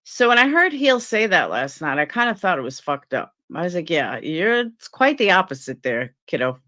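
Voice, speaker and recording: A woman's voice: lowish voice, sing-song, moderate pace, pushed and bright. A woman on a live stream telling a story and ranting bluntly, with swearing. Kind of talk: casual live-stream rant.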